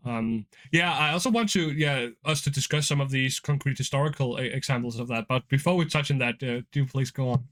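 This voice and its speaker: A man in the host's seat talks in a measured, unhurried way. He often stumbles into repeated words. His voice sits at a middle pitch. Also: a bit bright. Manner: measured, with some stammering repeats. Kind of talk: conversational interview.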